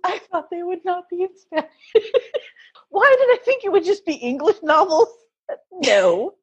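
A woman's voice: very high voice, sing-song, unhurried, dull audio. A woman telling stories in a casual interview, laughing often as she talks. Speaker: guest.

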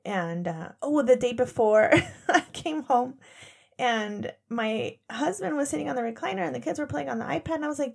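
A woman's voice: fairly high pitch, fairly quick, creaky. A woman in her thirties co-hosting a podcast, telling stories in a bubbly, giggly way. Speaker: podcast co-host. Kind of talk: casual chat, storytelling.

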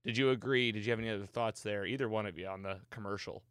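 A man hosting a podcast, retelling a TV episode in casual, excited chat. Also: fairly low pitch, rapid-fire, clear, resonant tone, dry recording, studio quality. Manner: excited, animated storytelling. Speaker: podcast host recapping a TV episode.

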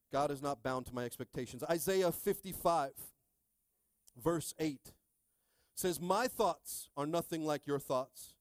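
A male pastor in his thirties preaching a sermon, calling out to the congregation and swinging from quiet asides to shouting. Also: a little high, no room sound.

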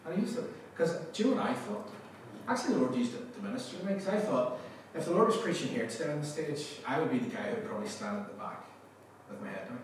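A male pastor giving a sermon, telling stories with lively acted-out quotes and laughter. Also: a little high, fast talker, a little hiss or hum. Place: large church hall. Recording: echoey church hall from a distance.

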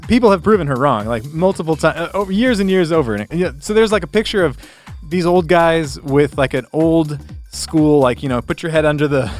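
A man's voice: on the high side, expressive, a little fast, soft background music. A man hosting a casual podcast chat, rambling and restarting his sentences and laughing often.

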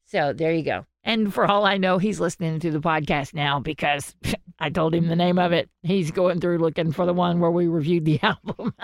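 A woman co-hosting a casual podcast retells stories with animation, acting out the quotes in different voices. Her voice is a little low for a woman and her pace is normal. The sound is dry and close-miked, with no room sound.

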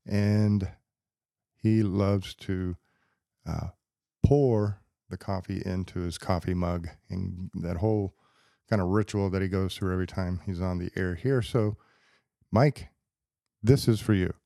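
A man hosting a podcast alone as a psychologist, explaining ideas step by step in a steady, lecturing way. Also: sits low, a little slow, gravelly, no room sound, studio quality. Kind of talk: casual solo podcast talk. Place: podcast studio.

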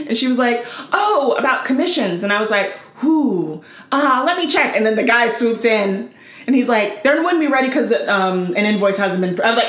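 A woman in her thirties chatting casually as a podcast co-host. She tells animated stories, acts out other people's lines and laughs often. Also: fairly high pitch, moderate pace. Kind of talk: casual chat. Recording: roomy echo with faint background noise.

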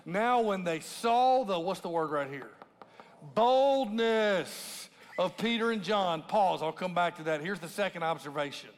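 A man's voice: high-pitched, animated, measured pace. A man, a lead pastor, preaching a sermon in a conversational way, often asking "right?" and acting out scripture in a raised voice. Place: large church auditorium with a congregation. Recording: long hall reverb from a large room.

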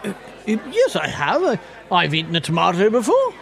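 A man's voice: sits high, huge pitch swings, brisk, creaky, some chatter behind, full character voice. A man playing a clueless, bumbling diner who stammers and blusters. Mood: blustering.

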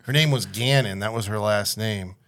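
A man's voice: lowish voice, normal speed, a bit bright. A man on a podcast, telling crude, wild stories in casual chat and laughing his way through them. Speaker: podcast guest.

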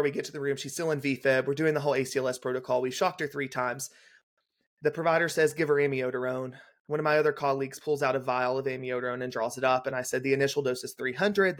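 A young adult man, a guest on a podcast, telling a detailed clinical story in a brisk, casual way and acting out the dialogue. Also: medium pitch, steady tone. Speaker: guest, legal nurse consultant.

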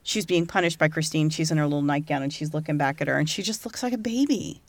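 Low-voiced woman telling a true-crime story. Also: fast talker. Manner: animated, swears freely, acts out quotes. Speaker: podcast co-host, storyteller. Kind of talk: casual true-crime podcast chat.

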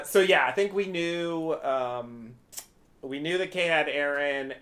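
A man's voice: medium pitch, fairly bright tone. A man co-hosting a podcast, giving casual commentary on a TV episode with wry asides and frequent chuckles. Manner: laid-back, chuckles often, wry asides. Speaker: podcast co-host.

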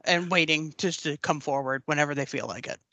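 A woman co-hosting a podcast in casual chat, joking wryly and deadpan and swearing casually. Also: deep voice, fairly quick, no room sound. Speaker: podcast co-host.

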